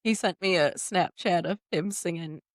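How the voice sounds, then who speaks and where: A woman hosting a casual podcast chat, laughing often as she tells animated stories. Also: on the low side, normal speed, no room sound, studio quality. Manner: giggly, animated storyteller. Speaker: podcast host.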